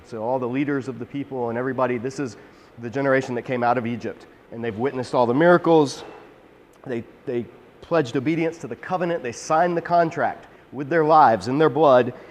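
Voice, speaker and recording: A man teaching through a Bible passage in an energetic, emphatic, conversational way. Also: medium pitch, brisk, slight background noise. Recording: long hall reverb.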